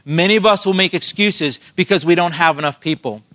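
Higher-voiced man preaching earnestly. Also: brisk, fairly bright tone. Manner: earnest preaching with rhetorical questions. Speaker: pastor. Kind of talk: sermon.

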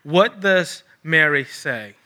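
A man's voice: a little high, animated, slow, bright, forceful tone. A man preaching a sermon, emphatic and repeating phrases for stress.

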